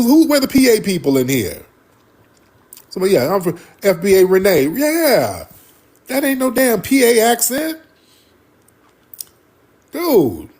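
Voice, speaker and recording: A man's voice: high voice, a little mellow, husky. A man hosting a live stream, talking emphatically and repeating his points for effect. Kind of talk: heated livestream commentary.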